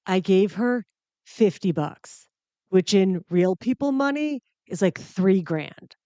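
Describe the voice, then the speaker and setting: A woman's voice: medium pitch, warm tone, no room sound. A woman hosting a comedy podcast, telling a story in a wry, self-mocking monologue full of exaggeration for laughs.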